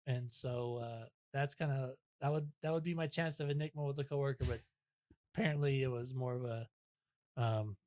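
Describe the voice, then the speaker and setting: A man's voice: medium pitch, steady tone, normal speed, darkish tone, no room sound, studio quality. A young man talking as a podcast guest in casual chat, rambling and self-deprecating, with many restarts.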